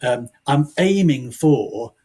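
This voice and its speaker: A man's voice: mid-range voice, lively intonation, slow, mellow, slightly rough. A man, an author, chatting casually as a podcast guest, rambling and restarting his sentences with the odd chuckle. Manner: rambling, self-interrupting, chuckling.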